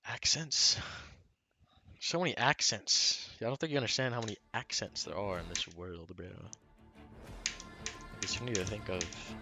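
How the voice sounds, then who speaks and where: A man's voice: lowish voice, moderate pace. A man streaming a game live, chatting casually with viewers in a laid-back, teasing way and calling them "bro" constantly. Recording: loud game music behind the voice. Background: loud game music, keyboard clicks.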